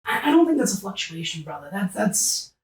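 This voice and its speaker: A high-pitched man venting as a podcast guest, heated and profane, often breaking into shouts, his voice choked up near tears. He sits back from the microphone, and the room rings around him. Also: sing-song, a little fast, far from the mic, a little hiss or hum. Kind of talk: emotional podcast rant. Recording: roomy sound, set back from the mic.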